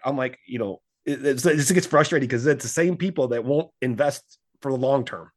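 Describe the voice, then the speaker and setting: A middle-aged man, a podcast guest coaching on investing, telling stories in casual talk and acting out the people he quotes. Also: medium pitch. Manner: fast, animated storytelling with acted-out quotes.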